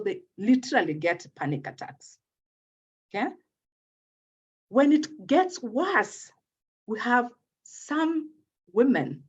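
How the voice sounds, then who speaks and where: A woman with a fairly high voice talks through a subject at length as an interview guest. She keeps checking in with her listener and repeats words as she finds her thread. The audio sounds dull and low-fi. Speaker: guest speaking on postpartum depression. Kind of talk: explanatory interview talk.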